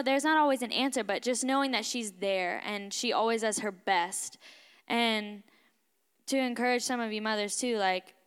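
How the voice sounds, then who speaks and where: Bright animated young woman, hall reverb. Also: mid-range voice, smooth. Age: young adult. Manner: animated, emphatic, laughs often. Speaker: guest. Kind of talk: casual storytelling.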